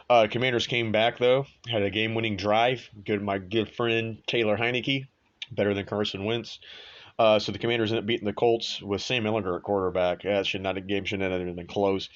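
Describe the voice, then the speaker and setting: Sports show host guy, low-ish voice, swears a lot, blunt offhand chat, kinda dull lo-fi audio. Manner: blunt and profane, with offhand asides. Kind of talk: casual sports and betting talk.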